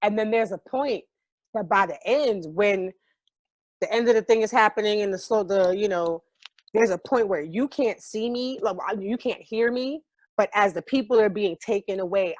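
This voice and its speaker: A woman's voice: mid-range voice, normal speed, no echo. A woman from New York, a stage actor as a guest, telling a story in a vivid, profane and emotionally open way. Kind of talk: casual storytelling.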